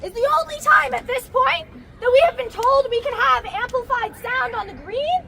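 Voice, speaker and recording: A woman's voice: very high voice, moderate pace, creaky, bright, forceful tone, a little hiss or hum, poor audio. A woman organizer giving urgent directions to a crowd at an outdoor protest. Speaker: rally organizer. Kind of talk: announcing at a protest rally. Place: outdoor campus green.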